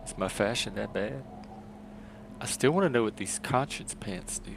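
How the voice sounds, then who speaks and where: A man's voice: on the low side, lively intonation, moderate pace, gravelly, noisy background. A man casually chatting through a gameplay stream and talking to his chat. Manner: rambling, talks to chat.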